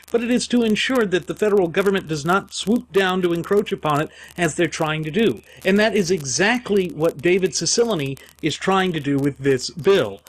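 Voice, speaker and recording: A man's voice: fairly high pitch, poor audio. A man co-hosting a political talk show, speaking emphatically and indignantly with rhetorical questions. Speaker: podcast co-host. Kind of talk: political commentary.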